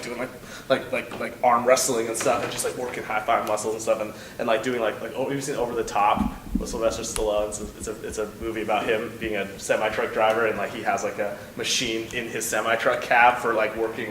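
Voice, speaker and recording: A man telling a long story as a panel guest at a convention, rambling with lots of fillers and restarts. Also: on the low side. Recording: echoey hall from far off, noisy.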